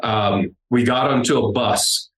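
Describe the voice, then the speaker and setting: A man, a guest on an interview, telling a travel story in a casual, animated way. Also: medium pitch, slow pace. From United States. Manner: animated, acts out the people in his story. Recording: roomy with faint background noise.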